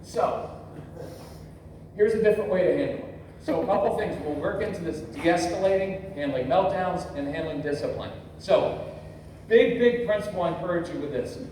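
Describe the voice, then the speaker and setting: A man's voice: high-pitched, lively intonation, moderate pace, a little mellow, slight background noise. Man in his fifties in an echoey hall. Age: 50s. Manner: storytelling, acts out quotes, jokes with the crowd. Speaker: parenting workshop speaker. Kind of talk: live workshop talk to an audience. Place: large convention hall. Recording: echoey hall, mic heard from far off.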